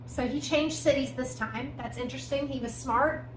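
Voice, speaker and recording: A somewhat high-pitched woman talks through a true-crime case like she's chatting with a friend. She keeps dropping in pointed little asides and fillers. Her voice rings around an echoey room with faint noise underneath. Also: moderate pace. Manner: conversational, recounting events with emphatic asides and fillers. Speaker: podcast co-host. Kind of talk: casual true-crime storytelling.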